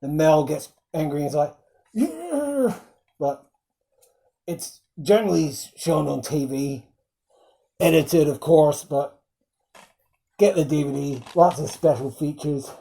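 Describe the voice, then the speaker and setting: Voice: mid-range voice, steady tone, a little slow, vocal fry, long pauses, warm tone. A film reviewer talking casually, rambling with many fillers and fondly quoting film lines. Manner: fond, quotes film lines.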